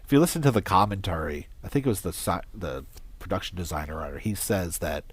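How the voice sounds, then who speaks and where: A man with a fairly low voice co-hosts a film podcast in casual chat. He is relaxed as he passes on bits of trivia he found. The sound is close and dry. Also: fast, husky, dry recording. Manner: relaxed, relays trivia he looked up. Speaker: podcast co-host. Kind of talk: casual movie discussion.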